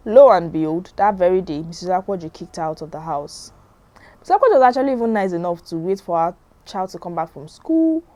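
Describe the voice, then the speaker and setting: A woman's voice: medium pitch, mellow. A young woman, narrating a drama story in a chatty way and commenting on it as she goes.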